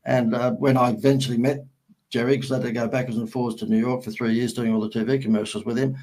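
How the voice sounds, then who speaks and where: Husky-voiced Australian man telling stories. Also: mid-range voice, fast talker, low-quality recording. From Sydney, Australia. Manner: animated storyteller who acts out quoted dialogue and laughs at his own anecdotes. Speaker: guest, marketing agency founder. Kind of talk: storytelling in an interview.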